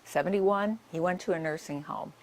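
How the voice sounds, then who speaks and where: A woman's voice: on the low side, moderate pace. An older woman, a nurse, giving a public talk and telling her stories in a conversational way with many asides.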